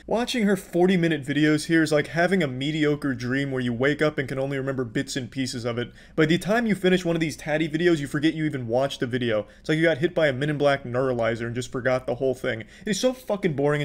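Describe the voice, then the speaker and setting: A man giving profane, sarcastic commentary, exasperated as he mocks what he has watched. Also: a little high. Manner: sarcastic, exasperated, swears freely. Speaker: commentary youtuber.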